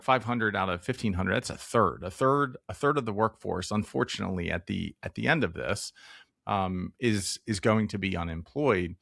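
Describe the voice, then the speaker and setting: A man's voice: on the low side, gravelly, a bit bright, no room sound, studio quality. A young man hosting a podcast, asking long, rambling interview questions full of fillers like "like" and "um". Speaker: podcast host.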